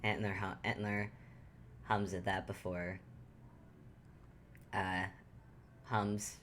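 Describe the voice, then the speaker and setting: A woman casually narrating her character in a tabletop game, halting and chuckling. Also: very deep voice, flat delivery, a bit bright, a little hiss or hum.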